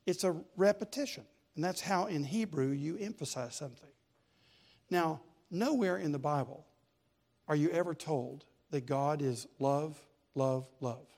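A male pastor preaching a sermon in a church, emphatic and building to loud peaks. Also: on the high side, measured pace, vocal fry.

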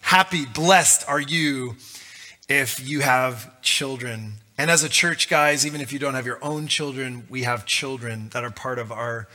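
Bright-voiced man preaching a sermon. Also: mid-range voice, a little slow. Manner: conversational, joking, animated. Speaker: pastor.

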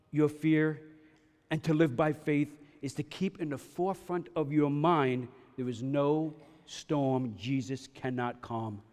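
A man delivering a sermon in a high-pitched voice that carries through a large, echoing hall. He swings between forceful, loud emphasis and quiet, intimate stretches. He keeps drawing his listeners in with quick asides like "yes?" and "right?". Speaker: pastor.

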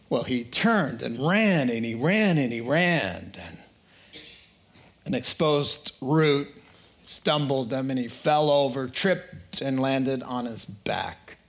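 A man preaching a sermon, telling a joke and acting out the characters in quotes with an animated delivery. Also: fairly high pitch.

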